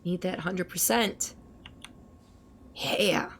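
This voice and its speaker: This streamer has a lowish voice and speaks very slowly, with a little hiss or hum in the audio. Getting over a cold that leaves her voice short of full strength, she rambles chattily to her chat while commenting casually on her game.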